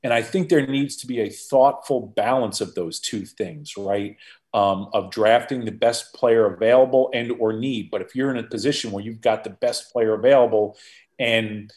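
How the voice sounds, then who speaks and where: A man as a podcast guest, telling stories in a conversational way, animated and full of restarts. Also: fairly low pitch, normal speed. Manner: animated storyteller, frequent restarts. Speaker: podcast guest, former football executive. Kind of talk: conversational interview storytelling.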